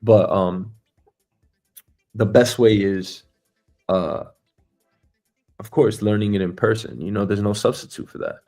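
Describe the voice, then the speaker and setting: A man's voice: fairly even intonation, warm tone, faint music behind. A man hosting a casual livestream, talking in a profane, rambling way and acting out little scenes. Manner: profane, rambling, acts out scenes with big pitch jumps and drawn-out words. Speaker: show host.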